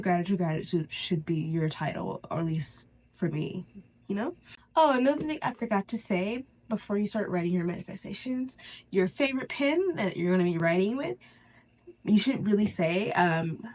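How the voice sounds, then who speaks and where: A young woman with a slightly low-pitched voice chats casually to camera. She talks in loose, rambling sentences full of fillers and restarts, as a vlogger explaining her routine. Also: darkish tone. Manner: chatty, lots of "like", restarts. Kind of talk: casual instructional chat.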